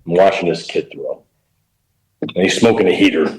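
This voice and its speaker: A man's voice: deep voice, moderate pace, poor audio. A middle-aged man, a professional baseball coach, talking casually in an interview and telling coaching stories in a plain-spoken way. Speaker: pro baseball coach, guest.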